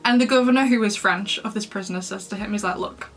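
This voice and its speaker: A woman's voice: medium pitch, fast talker, soft background music. A young woman chatting casually about books she read, giggling often and rambling with fillers. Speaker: book reviewer. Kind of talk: casual book review.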